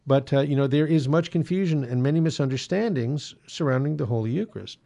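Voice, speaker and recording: Gravelly man explaining church teaching. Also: a little high, brisk, mellow. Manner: conversational, frequent fillers and restarts. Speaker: Catholic apologetics host. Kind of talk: casual explanatory monologue.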